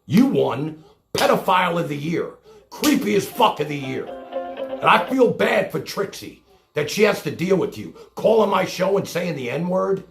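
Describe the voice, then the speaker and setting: A man's voice: high-pitched, sing-song, measured pace, vocal fry, faint music behind. Angry swearing male stream host. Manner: berating, swearing, hammering the same words over and over. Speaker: livestream show host. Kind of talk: heated rant at a caller.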